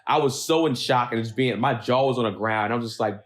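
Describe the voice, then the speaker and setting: A man's voice: medium pitch, brisk. A young man hosting a casual podcast chat, telling rambling, self-deprecating stories. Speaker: podcast host.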